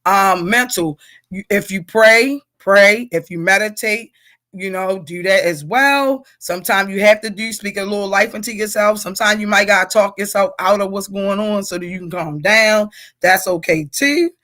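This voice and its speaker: Animated laughing woman leading a group. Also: medium pitch, moderate pace. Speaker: leadership workshop facilitator. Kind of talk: casual group chat reading comments.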